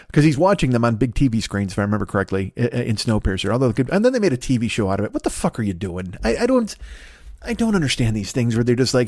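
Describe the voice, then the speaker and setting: A man in his fifties, the host of a comedy podcast, riffing through a profane, rambling monologue with big comic swings in pitch. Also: lively intonation, fast, darkish tone, no echo, clean studio sound. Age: 50s. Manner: profane, riffing, jumps between wild pitch swings for bits.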